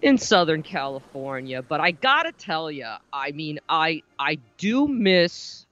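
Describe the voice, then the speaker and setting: A woman's voice: deep voice, very animated, measured pace, fairly bright tone, no echo. A woman calling in to a radio show, chatting casually with lots of fillers. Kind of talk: casual call-in chat. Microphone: phone. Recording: dull phone line.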